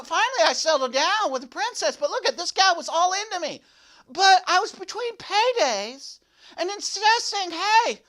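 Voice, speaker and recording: A man's voice: very high voice, bright, forceful tone, exaggerated voice. A man playing a boastful, goofy young slacker in a comedic devotional monologue, rambling and repeating himself to grab attention. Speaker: devotional speaker.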